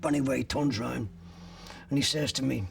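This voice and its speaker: Older man, gravelly, blunt, graphic storytelling, set back from the mic. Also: medium pitch, brisk, distant mic, background noise. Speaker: interviewee. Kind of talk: recounting a personal ordeal.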